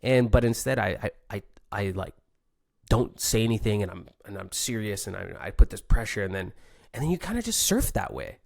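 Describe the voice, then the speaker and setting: Laid-back surfer man, gravelly low voice. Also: very animated, brisk, darkish tone, no room sound, clean studio sound. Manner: laid-back surfer slang, many fillers. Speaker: pro surfer podcaster. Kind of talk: casual reflective monologue.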